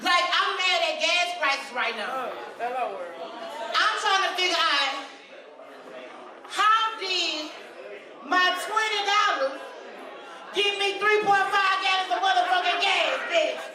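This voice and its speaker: A woman doing a loud, brash stand-up comedy routine on a club stage, hammering her catchphrases over and over. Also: very high voice, lively intonation, unhurried, a crowd in the background. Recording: echoey club from far off.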